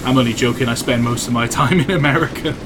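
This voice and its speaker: A man's voice: mid-range voice, fast talker, background noise. Joking Welsh man live-streaming a game. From Wales. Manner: chatty and teasing, answers chat messages. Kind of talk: casual live-stream commentary. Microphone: desk microphone.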